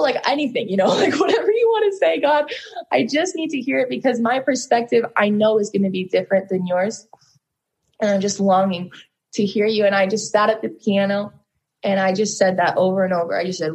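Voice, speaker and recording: A young woman speaks with an earnest, tumbling energy, circling back over her words with "so" and "like." Her voice sits a little high. She is a guest in a relaxed, conversational podcast. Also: brisk. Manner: earnest, rambling, repeats "so" and "like". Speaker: guest songwriter. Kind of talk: casual testimony in a podcast conversation.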